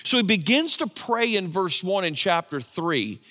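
A man preaches a conversational sermon, often turning to the congregation with questions. His voice sits a little high and bright. It carries with a long reverb, as in a large church hall. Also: very animated, measured pace. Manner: conversational, asks the audience questions. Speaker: pastor.

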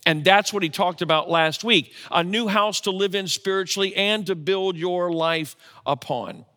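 A man's voice: high voice, moderate pace, bright, forceful tone. A man preaching a sermon as pastor, talking casually and often checking in with the congregation. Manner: conversational, asks the audience questions. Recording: long hall reverb.

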